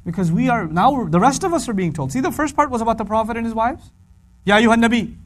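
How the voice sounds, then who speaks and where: A middle-aged man teaching a religious lesson in an animated, conversational way. His voice sits fairly high, and he repeats key phrases for emphasis. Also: fast, a little hiss or hum. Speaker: Quran teacher. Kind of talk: humorous religious lecture.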